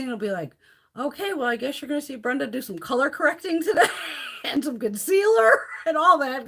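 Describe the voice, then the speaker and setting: A middle-aged woman chatting casually and profanely on a beauty live stream, laughing often. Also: fairly high pitch.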